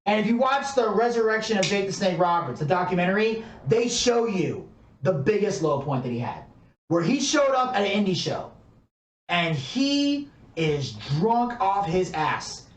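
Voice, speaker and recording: A man's voice: sits high, sing-song, moderate pace. A man co-hosting a podcast, telling a story casually with lots of fillers and swearing. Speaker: podcast co-host. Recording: echoey room, distant mic.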